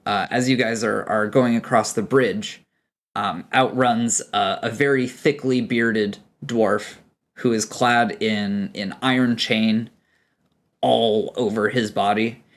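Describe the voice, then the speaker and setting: A man's voice: on the low side, steady tone, takes it slowly. A young man narrating a tabletop game as game master, rambling with many fillers.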